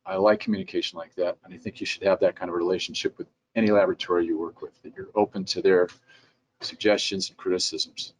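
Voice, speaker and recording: A middle-aged man with a fairly low voice gives an instructional talk in a relaxed, conversational way. His delivery is practical and direct, and now and then he slips into quoted replies. A faint ambient hiss sits behind him. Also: fast talker, creaky. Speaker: dental lab president giving a training talk. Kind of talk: instructional presentation.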